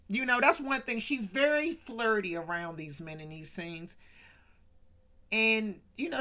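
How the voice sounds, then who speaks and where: A man's voice: slow, sharp tone. Chatty man retelling a comedy sketch. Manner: chatty, asides to viewers, mimics quotes with pitch jumps. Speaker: podcast host.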